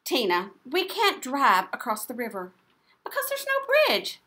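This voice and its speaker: A woman's voice: high voice, wildly swooping pitch, a little slow, bright, forceful tone, heavily acted. A woman reading a patient storybook mother. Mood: explaining. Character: patient mother explaining to her daughter. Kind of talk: picture book read-aloud.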